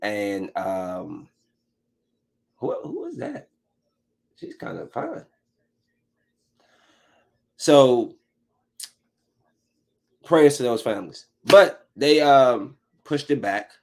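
A man with a medium-pitched, creaky voice speaks very slowly with long pauses as he tells his viewers a story. Angry while recounting it, he delivers a casual, heated, animated rant packed with swearing.

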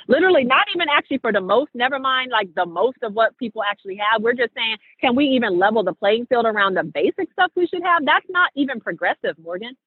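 A woman podcast host telling a story in casual, animated chat, preachy at times. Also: on the high side, fast talker, hardly any pauses, slightly rough, no room sound. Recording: tinny phone-like sound.

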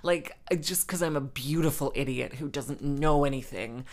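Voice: medium pitch, moderate pace. A young adult host, from the Midlands, chatting casually in a rambling, self-mocking way full of fillers. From English Midlands. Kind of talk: casual chat.

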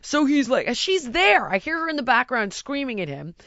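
A woman's voice: high-pitched, moderate pace, dry recording, highs cut off. A woman hosting a casual podcast, telling a family story bluntly and acting out the quotes. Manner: blunt, animated, acts out quotes. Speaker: podcast host.

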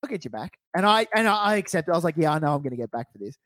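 A man's voice: fairly high pitch, big pitch swings, racing, fairly bright tone, dry recording. A man, co-hosting a podcast in casual banter. He tells stories playfully and acts out the quotes. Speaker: podcast co-host.

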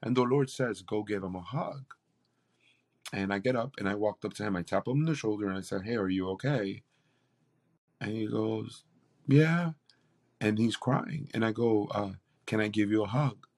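A man's voice: lowish voice, moderate pace, darkish tone. A man, a campus pastor, telling a faith story in an interview with an earnest, preacherly delivery. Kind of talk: interview testimony.

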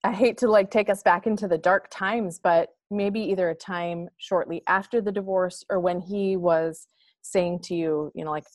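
A woman's voice: lowish voice, steady tone, moderate pace, a little mellow, dry recording. Chatty woman host, dry close sound. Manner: chatty, acts out little scenes in a raised voice. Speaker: podcast host. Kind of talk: casual interview chat.

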